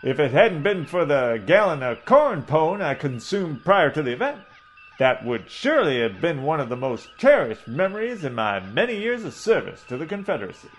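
A man's voice: a little high, big pitch swings, moderate pace. A man voicing a pompous old male ship's doctor, talking in florid, preachy oratory in a comedy audio parody.

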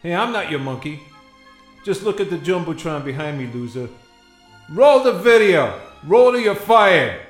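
A man's voice: fairly high pitch, lively intonation, a little fast, faint music behind, natural voice. A man playing a brash male ghost in a comic radio play, mocking everyone as losers. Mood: taunting. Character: brash insulting male ghost, mogul impression. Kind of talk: comedy radio-play acting. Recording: roomy echo.

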